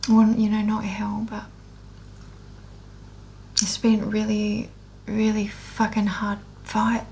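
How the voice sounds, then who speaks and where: A woman's voice: medium pitch, completely flat delivery, slow pace, darkish tone. A woman speaking in a candid, unscripted monologue, blunt and heavily profane, earnest and emotional as she rambles with restarts about her spiritual awakening.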